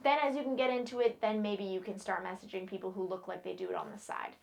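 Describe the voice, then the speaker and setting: A woman's voice: mid-range voice, fairly even intonation, fast, vocal fry, a little mellow. A young woman from New England giving casual, frank advice to camera, chatty and playful with lots of fillers. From New England, United States. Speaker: model and vlogger.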